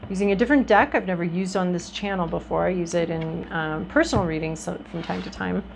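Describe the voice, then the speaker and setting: A woman's voice: fairly low pitch, fast talker, gravelly, a little hiss or hum, rough recording. A woman giving a casual tarot reading to her viewers, talking in a chatty, reflective way with frequent ums and restarts. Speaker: tarot reader.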